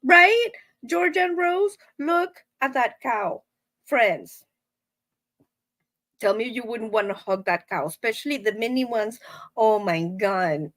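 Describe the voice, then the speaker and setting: A high-pitched, middle-aged woman, chatting with viewers as host of her weekly live show. She giggles and laughs between almost every line. Her voice sounds close and dry, with no room echo. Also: animated, takes it slowly, a bit bright. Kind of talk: casual chat to viewers.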